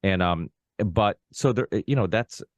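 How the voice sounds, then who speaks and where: A podcast host of Portuguese background talks in a lowish voice, a little slowly, with no echo on the recording. The conversation is casual and rambling, full of restarts and asides.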